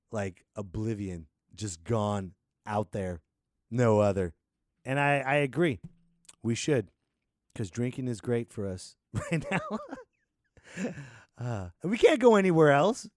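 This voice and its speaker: A man from the United States hosting a solo comedy podcast: an animated rant, laughing often and slipping into voices. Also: mid-range voice, a little slow, pauses often, no room sound, studio quality. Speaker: podcast host.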